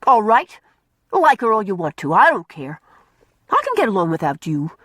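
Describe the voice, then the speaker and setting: A woman reading an audiobook voices a blunt, quick-tempered orphan girl who talks in folksy rural slang. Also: medium pitch, sing-song, no echo, clean studio sound.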